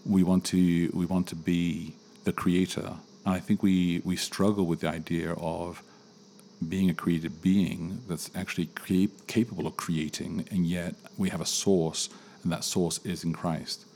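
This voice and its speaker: Deep-voiced man hosting a faith podcast. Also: flat delivery, a little mellow, slight background noise. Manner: earnest, reflective, halting restarts. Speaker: podcast host.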